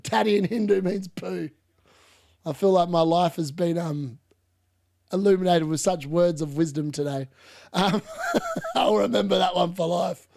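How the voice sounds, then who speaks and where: An excitable man giving live football commentary and reaction, shouting at missed chances and mocking the players. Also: high voice, a little slow, vocal fry, pauses often. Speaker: watchalong streamer.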